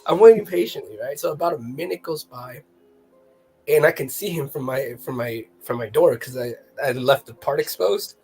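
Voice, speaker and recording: A guest telling a funny family story in a casual chat, animated and often laughing, with a slightly husky voice. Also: mid-range voice, moderate pace, faint music behind.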